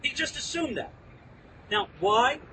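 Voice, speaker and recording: A man teaching the Bible outdoors as a pastor, lively and acting out quoted lines. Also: very high-pitched, measured pace, distant mic, noisy background. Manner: animated, acts out quoted lines. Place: outdoors within view of a landmark hill.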